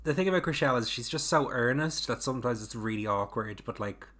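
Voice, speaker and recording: A man's voice: medium pitch, quick pace, fairly bright tone. A man co-hosting a podcast, recapping a reality show in dry, playful banter. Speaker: podcast co-host. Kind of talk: casual recap chat.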